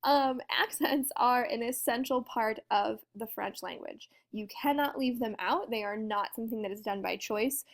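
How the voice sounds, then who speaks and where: A woman with a slightly high voice walks her students through a lesson. Her manner is friendly and explanatory, and she keeps asking her class questions as she goes. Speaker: French teacher.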